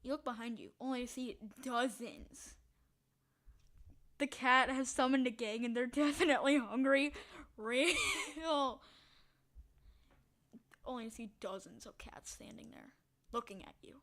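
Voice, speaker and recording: A woman playing a text adventure, reading the story aloud in a hushed voice and breaking into loud, excited reactions. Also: on the high side, measured pace, pauses often. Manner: reads narration quietly, bursts into loud excited reactions. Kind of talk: casual let's-play narration.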